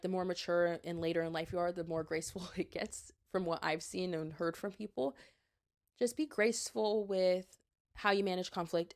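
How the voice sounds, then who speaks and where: Woman in her twenties, podcast host, chatty, earnest, restarts often, advice-giving. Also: on the low side. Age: 20s. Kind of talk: casual solo podcast talk.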